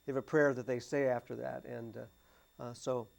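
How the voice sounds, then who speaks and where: A man sits on a studio panel talking through a film he likes. He speaks at an everyday pitch and stops often to restart his sentences, with plenty of fillers between thoughts. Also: flat delivery, creaky. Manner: halting, many restarts and fillers. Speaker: panelist on a movie discussion show. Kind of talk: casual chat about a film. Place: cable TV studio.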